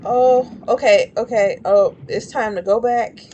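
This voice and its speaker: A woman's voice: fairly high pitch, a little slow, warm tone, slight background noise. A woman chatting casually while streaming a game, rambling and shrieking when startled. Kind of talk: casual gameplay commentary.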